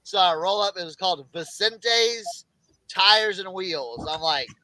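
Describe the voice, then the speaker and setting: High, bright-voiced man telling a story. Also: unhurried, dry recording, poor audio. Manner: animated, rambling anecdote with acted quotes and restarts. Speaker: reseller podcast host. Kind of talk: casual storytelling chat.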